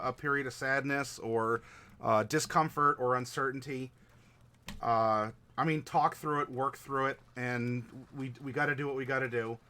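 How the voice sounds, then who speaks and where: Tired, bright-voiced male game master. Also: medium pitch. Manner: rambling, many fillers and restarts. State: tired, short on sleep. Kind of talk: casual wrap-up of a tabletop game stream.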